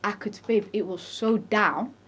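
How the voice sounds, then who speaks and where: A young woman spinning a story on a casual podcast. She talks at a middling pitch, slips into slang and calls her friends babe, and throws herself into acting out the voices of the people in her tale. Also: unhurried, slightly rough. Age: young adult. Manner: animated storyteller, acts out quoted voices. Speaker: podcast co-host.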